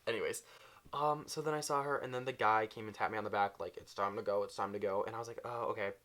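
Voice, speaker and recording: Speaking fast in a steady tone, a young vlogger with a lowish, fairly bright voice gushes through a storytime video. He's bubbly and says "like" constantly.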